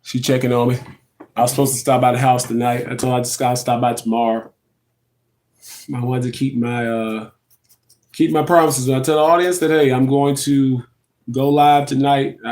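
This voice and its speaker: A man chatting casually to his viewers on a livestream, addressing them as y'all. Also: darkish tone. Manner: chatty, talks to viewers as y'all, drops into high sing-song bits. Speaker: livestream host.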